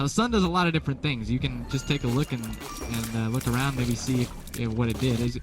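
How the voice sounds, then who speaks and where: A young man giving casual, rambling gameplay commentary with jokes at his own expense. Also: medium pitch. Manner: rambling, jokey, self-deprecating. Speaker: let's play commentator. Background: game music.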